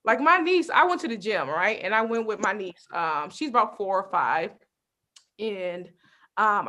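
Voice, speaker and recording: A young adult woman doing a stand-up comedy set, telling lively stories with constant asides to the crowd. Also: medium pitch. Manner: lively storytelling with frequent asides and laughs.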